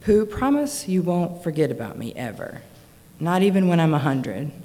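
A woman's voice: lowish voice, sing-song, moderate pace, dark tone, long reverb tail. A woman doing an earnest, wistful young boy. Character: dreamy young boy growing up.

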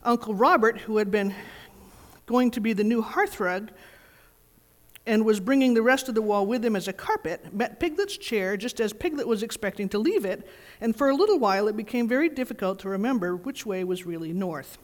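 A woman leading a children's message in church, reading a storybook aloud in a gentle, expressive way. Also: a little high, a little fast. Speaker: pastor giving a children's message. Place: church sanctuary. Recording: reverberant church hall.

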